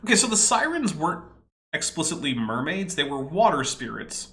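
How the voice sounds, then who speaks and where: A man's voice: on the high side, sing-song, normal speed, fairly bright tone. A man hosting a casual commentary podcast, exasperated and nitpicking as he lectures about a video. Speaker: podcast host.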